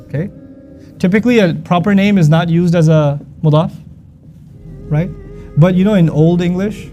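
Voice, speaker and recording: A man teaching Quran commentary, reciting Arabic verses and explaining them in a conversational way with quick asides and restarts. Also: fairly high pitch, mellow.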